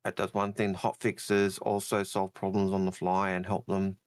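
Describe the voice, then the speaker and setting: A man with a very deep voice co-hosting a casual gaming Q&A. He weighs his words slowly, pausing on fillers as he goes, and sounds dry and close to the mic. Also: completely flat delivery, clean tone, dry recording. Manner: measured, hesitant, many fillers. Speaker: co-host of a game Q&A show. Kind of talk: casual podcast chat.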